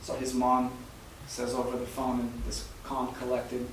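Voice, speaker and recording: A man preaching a sermon as a story, soft-spoken and halting, with many fillers and repeated words. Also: medium pitch, monotone. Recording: very echoey hall, mic far off, faint noise.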